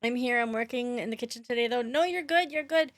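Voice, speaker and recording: Talking fast in a slightly high voice, a woman livestreams a game from her own room. She greets viewers by name, laughs frequently and swears in passing, recorded at studio quality without echo.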